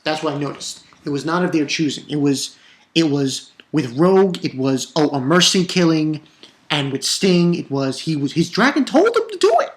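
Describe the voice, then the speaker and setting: A man giving a casual spoken review of a manga chapter, ranting with exasperation and stumbling over repeated words. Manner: animated, exasperated ranting with sudden pitch jumps; halting, with frequent repeated words.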